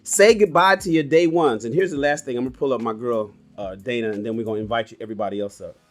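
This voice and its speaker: A man in his forties hosting a casual livestream podcast, telling stories in a blunt, animated and profane way. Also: mid-range voice, fast talker, soft background music. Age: 40s. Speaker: podcast host.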